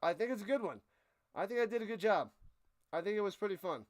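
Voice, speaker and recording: A man's voice: sits high, quick pace. A young man hosting a live play-by-play stream, joking and laughing as he calls the action and trips over player names. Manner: jokey, animated, stumbles over names.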